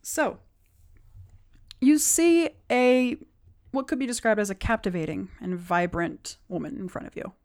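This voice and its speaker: A woman narrating a tabletop game as game master, describing scenes with soft asides. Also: on the high side, measured pace.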